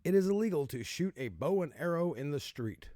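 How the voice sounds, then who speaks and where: A man's voice: fairly high pitch, lively intonation, a little fast, dark tone, no echo, clean studio sound. A man hosting a casual comedic commentary, sarcastic and profane, laughing as he riffs with mock voices. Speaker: host reacting to odd laws.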